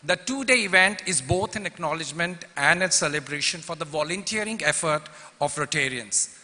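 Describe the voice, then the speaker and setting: A man's voice: on the high side, lively intonation, moderate pace, pushed and bright. A man, a club president giving a formal welcome address and reading prepared remarks. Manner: formal, lists dignitaries, reads prepared remarks. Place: large convention hall. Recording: long reverb from a large hall.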